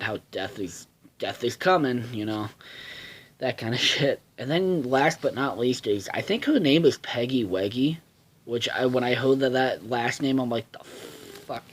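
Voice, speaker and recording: A man casually reviewing a cartoon episode, swearing a lot and rambling with many fillers and restarts. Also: medium pitch.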